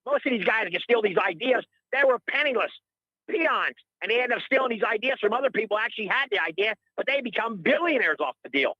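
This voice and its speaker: Fast, high-pitched ranting man caller. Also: animated, dry recording, lo-fi sound. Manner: rambling, indignant, repeats himself. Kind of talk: heated call-in rant.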